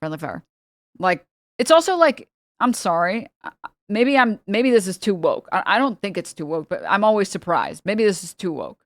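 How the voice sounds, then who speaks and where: A woman's voice: mid-range voice, sing-song, moderate pace, dry recording, clean studio sound. A woman streamer in a casual reaction stream, ranting heatedly with a lot of swearing and talking straight to her chat. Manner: heated, profane, exasperated ranting.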